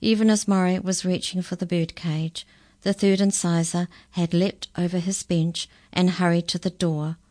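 A woman narrates a children's storybook in a calm, measured way. Her voice sits low, and the recording is close and dry with no room sound. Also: dry recording.

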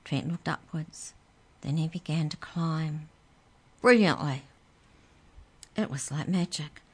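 A woman reading a children's story aloud in a calm, measured way. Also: sits low, breathy edge.

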